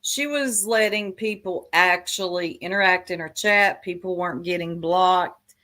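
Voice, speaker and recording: A woman's voice: lowish voice, unhurried, pushed and bright. A woman from Tennessee with a Southern accent, gossiping bluntly on a casual livestream and laughing often. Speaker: streamer.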